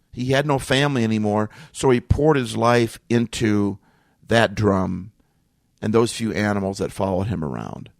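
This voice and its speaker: Over underlying music, a middle-aged podcast host with a creaky, mid-range voice gives reflective solo talk, earnest and emotional, returning again and again to the same phrases. The recording is clean studio sound with no room sound.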